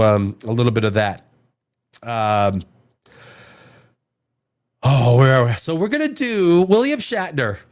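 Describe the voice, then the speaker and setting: Male host, casual, rambling talker with lively pitch and a loose, cursing manner. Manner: rambling, swearing, many restarts. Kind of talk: casual chat.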